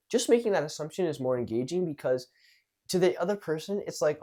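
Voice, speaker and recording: A man's voice: a little high, expressive, brisk, darkish tone. A young man coaching on social skills in a casual monologue, acting out example lines in jumpy voices and swearing casually.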